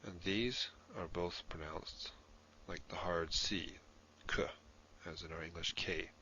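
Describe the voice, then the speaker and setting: A man narrating a recorded language lesson, slow and deliberate, pausing with frequent ums as he explains. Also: low voice, steady tone, bright, forceful tone, a little hiss or hum. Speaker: Hebrew course narrator. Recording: dull lo-fi audio.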